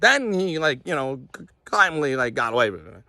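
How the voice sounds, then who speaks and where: A medium-pitched male voice at a moderate pace, recorded dry with clean studio sound. The vlogger tells an agitated personal story to the camera, animated and swearing, performing other people's lines.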